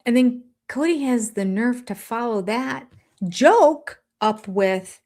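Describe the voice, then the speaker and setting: A woman's voice: on the high side, expressive, slow, darkish tone. Blunt older woman commentator. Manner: blunt, exasperated, sarcastic. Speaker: show commentator. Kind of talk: reality TV reaction commentary.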